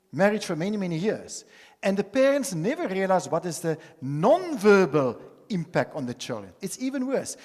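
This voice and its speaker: Man, psychologist, husky, lively sermon-like delivery, long hall reverb. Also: on the high side. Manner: animated, preachy, often saying "ladies and gentlemen". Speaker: psychologist speaker. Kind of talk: conference Q&A talk.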